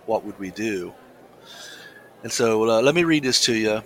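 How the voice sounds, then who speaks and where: A podcast co-host with a lowish voice chats on a casual talk show and reads a news story aloud, halting with many restarts and fillers. He sounds animated but keeps coughing, as if something went down his windpipe. The recording is rough.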